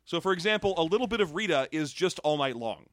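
A man co-hosting a casual podcast about tabletop games, reading out listener questions with quick, playful humor. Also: lively intonation, a bit bright, no echo, studio quality. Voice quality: calls his voice a soothing baritone. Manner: quick, wry, playful delivery. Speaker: podcast co-host.

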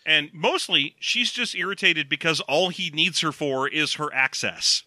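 Male podcast co-host, bright and dry sound, jokey casual recap. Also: on the high side, a little slow, no echo. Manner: jokey, playful asides. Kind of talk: casual comedic book recap.

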